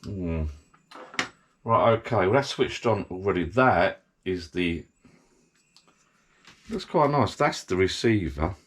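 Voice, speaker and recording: A man's voice: deep voice, expressive, slow pace, long pauses, fairly bright tone, slight background noise. A middle-aged British man chatting casually while he unboxes a gadget, rambling and thinking aloud as he goes. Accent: British English.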